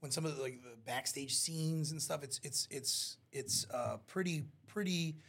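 Male interview guest, raspy and gravelly, animated storyteller. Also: on the high side, moderate pace. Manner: animated storyteller, acts out quotes. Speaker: wrestling promoter guest. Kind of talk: casual interview chat.

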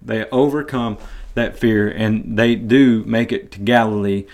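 A man's voice: fairly low pitch, measured pace. Man with a drawl teaching Bible. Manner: conversational, repeats words, animated retelling. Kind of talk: casual Bible teaching podcast.

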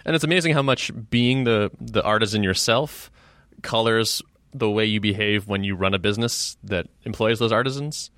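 A man's voice: lowish voice, normal speed, fairly bright tone, no room sound, studio quality. A man hosting a podcast, interviewing attentively with many short backchannel replies. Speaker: podcast host.

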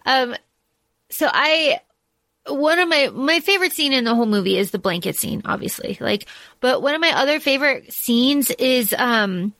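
Podcast lady gushing about a movie, lots of ums and restarts, kinda high voice. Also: lively intonation, normal speed, a bit bright, no echo. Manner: emotional, gushing, many fillers and restarts. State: tearing up. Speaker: podcast co-host. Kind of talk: casual movie discussion.

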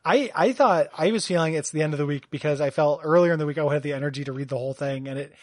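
A man in his late thirties hosting a podcast, wry and relaxed in casual chat. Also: fairly high pitch, fast talker, no room sound, studio quality. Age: late 30s. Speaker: podcast host.

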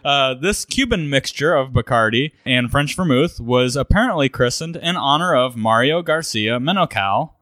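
A man co-hosting a podcast, chatting casually, relaxed and chuckling as he thinks aloud. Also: medium pitch, normal speed, hardly any pauses, no room sound, studio quality. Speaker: podcast co-host. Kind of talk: casual chat about cocktails.

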